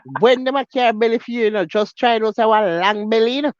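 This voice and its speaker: A woman's voice: a little high, a little fast, no room sound. Jamaican woman co-host, emphatic and repetitive, dull dry recording. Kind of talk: casual chat.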